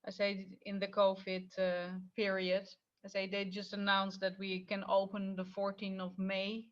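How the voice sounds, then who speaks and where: A woman's voice: mid-range voice, completely flat delivery, measured pace, lo-fi sound. A woman taking part in a coaching video call, speaking hesitantly with many fillers. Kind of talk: hesitant casual sharing.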